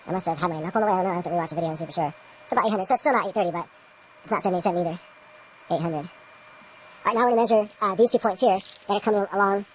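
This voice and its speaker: A woman's voice: medium pitch, very fast, slight background noise, poor audio. A woman in a casual instructional vlog, rambling to the camera while she works in an indoor grow room and muttering at her equipment. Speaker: home grower demonstrating light readings.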